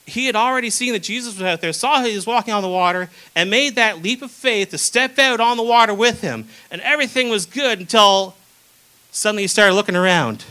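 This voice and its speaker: A young man delivers a sermon in a relaxed, conversational way, slipping into the voices of the people in his stories. His voice sits high and sounds bright. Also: a little fast, smooth, poor audio. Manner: casual, conversational preaching with acted-out quotes. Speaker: preacher.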